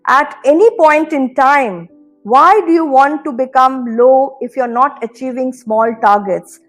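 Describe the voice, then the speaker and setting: A woman with an Indian English accent giving an earnest motivational lecture on career skills, advising students and repeating key phrases for emphasis. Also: high-pitched. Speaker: university administrator giving a talk.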